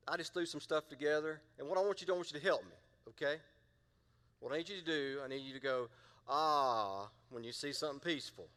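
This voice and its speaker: A man's voice: medium pitch, a bit bright, in a large hall. A middle-aged man, a pastor preaching a sermon in a playful, conversational way and drawing the congregation into call-and-response.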